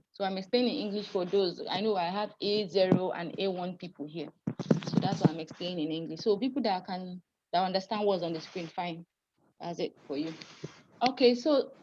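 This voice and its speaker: A woman's voice: mid-range voice, a little mellow. A woman teaching a French pronunciation class, explaining sounds patiently, spelling out letters and calling on students to read aloud. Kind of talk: live class lesson. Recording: dull lo-fi recording with faint noise.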